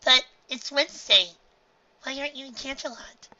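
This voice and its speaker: A woman's voice: high voice, normal speed, sharp tone, voice pushed up. A woman voicing a scatterbrained, caring mother mare from a storybook, talking in a flustered, caring way. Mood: concerned. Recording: dull lo-fi home recording.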